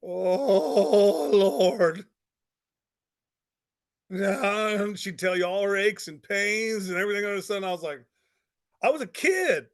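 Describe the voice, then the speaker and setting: Energetic man preaching with a high voice. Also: brisk, smooth. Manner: energetic storytelling, repeats phrases for emphasis. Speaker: pastor giving a motivational talk. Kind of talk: motivational talk to network marketers.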